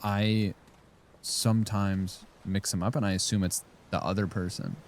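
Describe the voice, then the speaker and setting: A man's voice: deep voice, fairly even intonation, unhurried, a little hiss or hum. A man streaming a game, rambling and joking casually as he talks to his chat. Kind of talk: casual live-stream chat while gaming.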